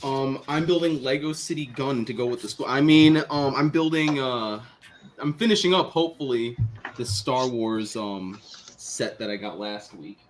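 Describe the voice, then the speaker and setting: A man's voice: medium pitch, moderate pace, slight background noise. A man chatting casually as a guest, hesitant and filling his talk with ums. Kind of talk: casual chat.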